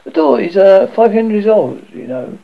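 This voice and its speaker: A man's voice: high-pitched, sing-song, moderate pace, gravelly, muffled recording, voice pushed up, full character voice. A man voicing a nervous, fussy male bursar who answers in hesitant, placating tones.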